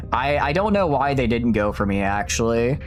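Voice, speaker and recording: A man streaming a space strategy game, reading its story text aloud and chatting in a casual, self-mocking way with quick restarts. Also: mid-range voice, very animated, soft background music.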